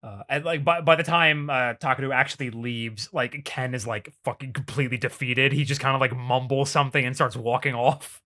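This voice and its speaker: A man co-hosting a podcast, excitedly retelling scenes in casual chat, swearing often and leaning on "like" as filler. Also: mid-range voice, a little fast. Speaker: podcast co-host.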